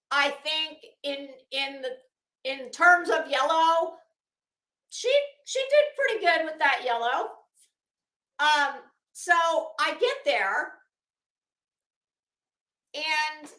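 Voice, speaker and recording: She has a high voice with a sharp tone and is streaming, chatting casually in an echoey room. Her rambling is packed with fillers and restarts.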